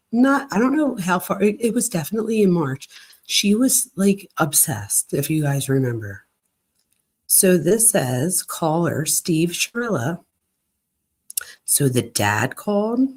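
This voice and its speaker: A woman's voice: lowish voice, darkish tone. A woman hosting a casual commentary, chatting and reacting aloud as she reads through documents. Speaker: host.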